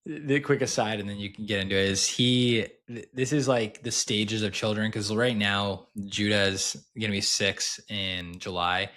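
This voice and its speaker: A man in his thirties co-hosting a podcast, chatting casually and telling animated stories with lots of restarts. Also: on the low side, normal speed, hardly any pauses. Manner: animated storyteller, many restarts. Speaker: podcast co-host. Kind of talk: casual chat.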